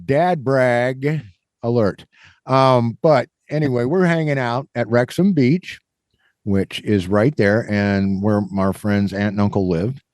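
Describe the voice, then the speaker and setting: A middle-aged podcast host from Kansas tells a rambling, casual story packed with fillers, acting out the people in it. His voice is medium-pitched, slow and somewhat dark. The recording is clean studio audio with no room sound.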